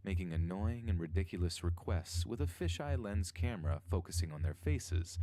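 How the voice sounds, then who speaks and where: A man's voice: low voice, lively intonation, normal speed, dark tone, no echo. A man reading a scripted list-video narration in a wry, matter-of-fact way.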